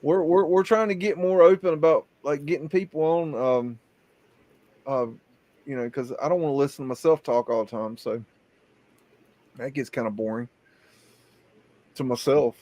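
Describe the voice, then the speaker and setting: A man's voice: fairly high pitch, normal speed, pauses often, warm tone, no room sound. A man with a Southern US accent hosting a casual live chat, telling rambling stories with many restarts. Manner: rambling storyteller, frequent restarts. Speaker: show host.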